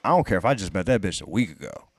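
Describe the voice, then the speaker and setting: Low-voiced male co-host, dry close sound, swears freely and argues hard. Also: sing-song, rapid-fire, gravelly, no room sound. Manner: profane, emphatic, argumentative; teasing, rhetorical questions. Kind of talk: casual chat.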